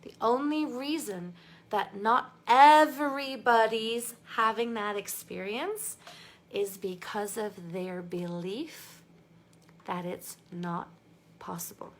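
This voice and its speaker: A woman's voice: mid-range voice, takes it slowly. A woman coaching a live online workshop, bubbly and effusive, reading out viewers' comments and laughing often. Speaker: life coach.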